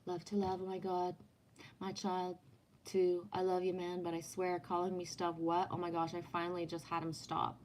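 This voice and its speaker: A woman's voice: fairly low pitch, monotone, moderate pace, darkish tone, slight background noise. A middle-aged woman chatting casually on a livestream, rambling, swearing freely and trailing off mid-thought. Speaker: livestreamer reading chat.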